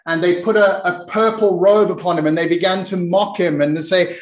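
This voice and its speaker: A man's voice: sits high, fairly even intonation, moderate pace, few pauses, roomy sound, low-quality recording. A man preaching a sermon in earnest, often repeating and restarting his words.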